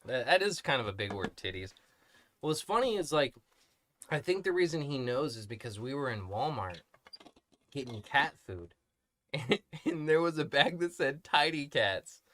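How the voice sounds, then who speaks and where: Dude on a stoner podcast telling a dumb kid story, lots of cussing, super lively up and down voice. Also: male voice, mid-range voice, moderate pace. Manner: profane, laughing storyteller. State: smoking cannabis. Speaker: podcast co-host. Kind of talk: casual chat.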